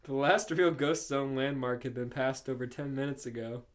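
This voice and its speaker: A man's voice: medium pitch, steady tone, normal speed. A man co-hosting a podcast, reading fanfiction aloud and joking, laughing often and stumbling on the text. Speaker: podcast co-host reading stories. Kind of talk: casual chat and read-aloud.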